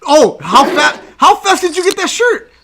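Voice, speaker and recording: Male podcast host, high lively voice, teasing, bossy, repeats himself. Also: normal speed, a little hiss or hum. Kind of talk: casual podcast hosting.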